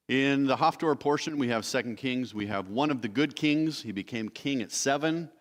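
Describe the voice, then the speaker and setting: Man teaching scripture in a reverberant hall. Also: mid-range voice. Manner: explanatory, pausing to correct himself, reading verses aloud. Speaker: preacher teaching a Bible study. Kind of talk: Bible teaching sermon. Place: church sanctuary.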